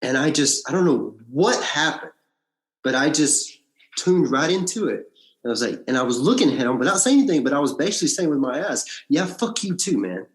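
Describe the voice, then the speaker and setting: Man telling a story in an echoey room. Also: a little fast. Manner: animated storyteller, frequent restarts and big pitch swings. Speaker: podcast guest. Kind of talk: casual storytelling interview.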